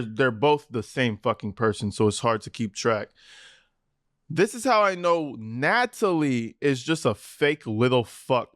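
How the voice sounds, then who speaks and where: A man talks over footage he is reacting to, heaping sarcasm and curse words on the people in it. His voice sits a touch high for a man. The sound is close and dry, with no room in it. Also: fairly bright tone, no room sound. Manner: mocking, sarcastic, swears a lot. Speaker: commentator reacting to police footage. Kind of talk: profane reaction commentary.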